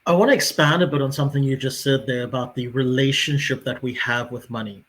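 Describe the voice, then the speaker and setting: A man in his forties on a casual podcast, telling a personal story with lively acted-out dialogue. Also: mid-range voice, fast talker. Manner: animated storyteller who acts out quoted dialogue.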